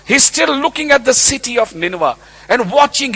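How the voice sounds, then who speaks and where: A man's voice: sits high, very animated, fairly quick, gravelly, bright, forceful tone, slightly rough. A man preaching a sermon on a Bible passage, telling the story with animation and acting out its characters.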